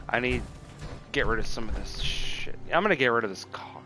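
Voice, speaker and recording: Music plays under a medium-pitched, expressive male voice speaking briskly. He's streaming a video game and a little tipsy, casually chatting in a rambling, profane style and frequently breaking off mid-thought.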